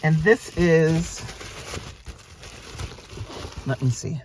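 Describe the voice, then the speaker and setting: A woman's voice: sits low, very slow, a little mellow, a little hiss or hum. A woman vlogger unboxing luxury items in a casual, gushing way, thinking aloud and exclaiming over what she finds.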